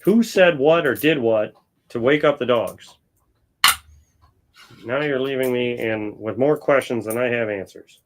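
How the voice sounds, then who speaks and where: A man's voice: medium pitch, unhurried, long pauses, low-quality recording. Blunt, joking male livestream host. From Ohio, USA. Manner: blunt, joking and crude in banter. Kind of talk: casual livestream chat while coin roll hunting.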